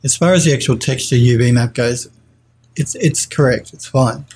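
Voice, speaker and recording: Mellow, husky man thinking aloud. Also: medium pitch, normal speed. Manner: thinking aloud, hesitant, self-correcting. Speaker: 3D modelling streamer. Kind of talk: live tutorial commentary, reading chat.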